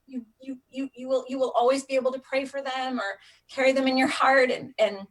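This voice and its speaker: A woman's voice: high voice, little pitch movement, fairly quick. A woman hosting a live stream, talking in a casual, earnest and heartfelt way straight to her viewers. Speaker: live stream host on foster care.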